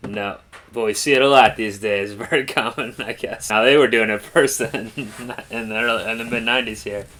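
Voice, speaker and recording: A man's voice: fairly low pitch, steady tone, moderate pace, few pauses, a bit bright, a little hiss or hum. A man co-hosting a reaction show, chatting casually in a rambling, laid-back way with lots of fillers. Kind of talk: casual chat.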